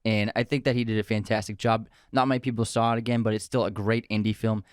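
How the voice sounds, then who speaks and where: A man's voice: lowish voice, level tone, quick pace, smooth, no room sound, clean studio sound. A young man co-hosting a podcast, chatting casually and enthusiastically about films with his brother. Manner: enthusiastic, opinionated. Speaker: podcast co-host. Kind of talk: casual film chat.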